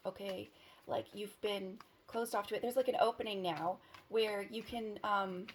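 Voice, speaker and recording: A woman's voice: mid-range voice, a little hiss or hum. A woman giving a casual tarot reading to the camera, who rambles, giggles and cuts herself off mid-thought. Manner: rambling, giggly, self-interrupting. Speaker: tarot reader.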